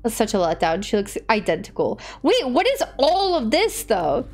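A young woman streamer gushing over a game's new character looks, gasping and squealing with excitement, with music playing in the background. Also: on the high side, normal speed. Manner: gushing, squealing, frequent gasps and shouts. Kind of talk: excited gaming stream chat.

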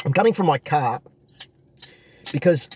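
A man's voice: a little high, animated, a little slow, slight background noise. A man talking casually to his viewers from inside his parked car, rambling and repeating himself with many fillers. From Australia. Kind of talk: casual vlog monologue.

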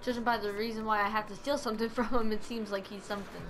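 A woman's voice: mid-range voice, steady tone, fast talker, background noise. A woman casually commenting as she plays a video game, chatty and giggly, often laughing and breaking into playful exclamations. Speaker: gaming channel host. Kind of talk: let's play commentary.

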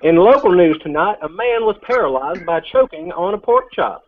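A man's voice: sits high, animated, normal speed. A man putting on a drawl to play a mock local news anchor reading headlines over-seriously. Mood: mock-solemn. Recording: phone-like video call line, faint noise.

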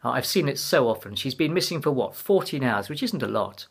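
A man reading aloud, voicing a brisk, calm woman in a raised voice. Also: medium pitch, vocal fry, husky, voice pushed up. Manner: brisk, brushing things aside.

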